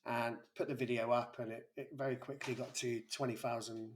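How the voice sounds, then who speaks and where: Man in his forties, halting storyteller, lots of restarts, middle pitch. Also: flat delivery, slight background noise. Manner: halting, with frequent restarts and a breaking voice. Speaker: interview guest, YouTuber and school pastoral lead. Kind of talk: conversational storytelling interview.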